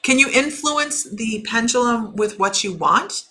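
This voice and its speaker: A woman's voice: a little high, expressive, unhurried, sharp tone. A middle-aged woman, a shaman and intuitive reader, chatting casually on a livestream, laughing often and talking to viewers by name.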